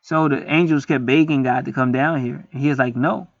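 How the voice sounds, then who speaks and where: A man's voice: mid-range voice, fairly even intonation, brisk, no echo. A man talking in a rambling, profane, preachy casual monologue as host of a spiritual video. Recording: dry, dull lo-fi sound.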